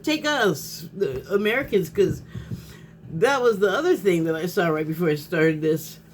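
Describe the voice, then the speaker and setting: A woman's voice: fairly low pitch, animated, moderate pace, slight background noise. A woman vlogger in a casual spoken monologue who rambles, restarts her sentences, laughs often and gets heated.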